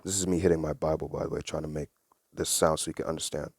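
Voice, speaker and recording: A man's voice: very deep voice, flat delivery, fast, darkish tone, a little hiss or hum. A man giving a casual Bible study, reading verses aloud and explaining them in an earnest, conversational way. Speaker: Bible teacher.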